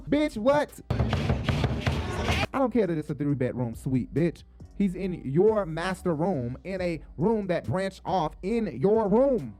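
A man's voice: a little high, warm tone. A man giving blunt, profane, sassy commentary while reacting to a reality show.

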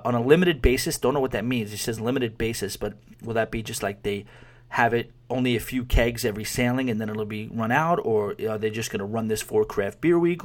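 A podcast host, a man with a mid-range voice, chats loosely and keeps chuckling through his own stories. He restarts sentences and trails off, in an easy conversational way. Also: mid-range voice. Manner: rambling, amused, laughs while talking, trails off. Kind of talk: casual podcast chat.

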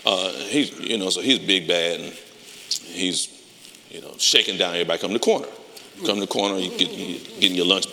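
A man preaching a sermon as pastor, telling stories with lively call-and-response energy. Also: low-pitched, a little fast, creaky, a little hiss or hum. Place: church sanctuary. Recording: long reverb of a church hall.

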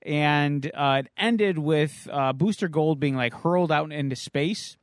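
A man's voice: fairly high pitch, unhurried, no room sound, clean studio sound. A man co-hosting a podcast, casually recapping a comic issue and rambling with many uhs and ums. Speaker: podcast co-host.

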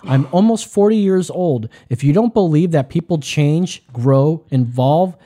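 A man's voice: on the high side, lively intonation, unhurried, warm tone. A man co-hosting a casual podcast, reading news stories aloud with stumbles and joking asides. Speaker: podcast co-host.

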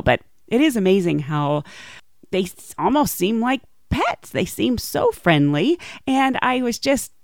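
A woman hosting a podcast, telling casual stories in an animated way and laughing often. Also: medium pitch, gravelly, dry recording, clean studio sound. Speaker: podcast host. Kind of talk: casual storytelling monologue.

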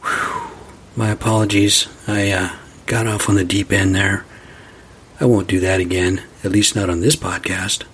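A man's voice: sits low, fairly even intonation, moderate pace, fairly bright tone, slight background noise. A man hosting a solo podcast and rambling into a profane, ranting monologue. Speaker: podcast host.

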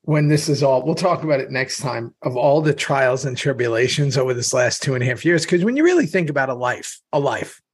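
A man's voice: medium pitch, lively intonation, brisk, few pauses. A man co-hosting a casual podcast chat, talking in a rambling, meandering way full of restarts. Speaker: podcast co-host.

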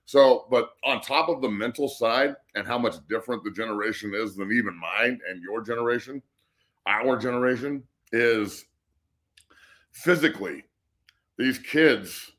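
A man's voice: medium pitch, a little slow, fairly bright tone. A middle-aged man ranting bluntly and profanely as a guest on a casual sports talk show. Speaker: guest co-host.

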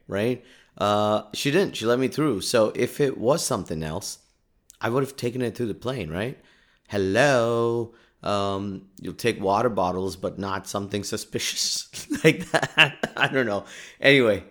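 A man hosting a podcast, telling a story in a casual, self-deprecating way and laughing often, recorded on a podcast mic. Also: lowish voice. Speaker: podcast host. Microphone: podcast microphone.

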